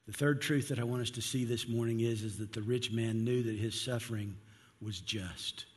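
Man, pastor, earnest conversational sermon, husky voice, echoing hall. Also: mid-range voice, fairly even intonation, moderate pace. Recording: long hall reverb.

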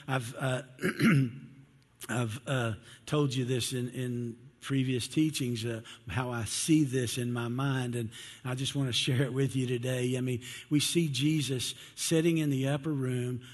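A man delivers a sermon in a relaxed, folksy storytelling manner. His voice is husky, neither high nor low. It rings with the long reverb of a large hall. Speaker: preacher.

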